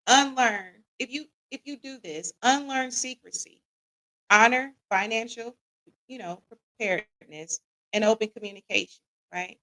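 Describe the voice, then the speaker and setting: A woman with hosts a live stream, keeps checking in with her audience, and reacts to their comments. Her voice is a little high, bright and forceful, with a gravelly fry running through it. She sounds relaxed and conversational. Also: measured pace, low-quality recording. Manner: casual and conversational, often asks the audience "what y'all think"; reads audience comments aloud and laughs along. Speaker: host.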